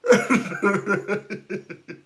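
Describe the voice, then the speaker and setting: Psychic guy rambling on his stream, slow easy talk, lots of little chuckles. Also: high-pitched, wildly swooping pitch, a bit bright. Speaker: psychic reader. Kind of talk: casual livestream chat.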